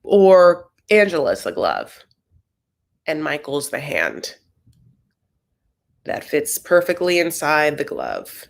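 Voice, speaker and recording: A woman's voice: low-pitched, huge pitch swings, takes it slowly, vocal fry, long pauses. A young adult woman hosting a casual TV recap, chatty and sassy with rambling asides. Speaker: host.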